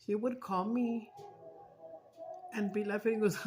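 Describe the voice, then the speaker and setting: A woman's voice: medium pitch, a little slow, long pauses, darkish tone, soft background music. A woman chatting casually in a vlog, telling stories with feeling, swearing and slipping in Spanish. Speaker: mukbang vlogger. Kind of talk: casual storytelling chat.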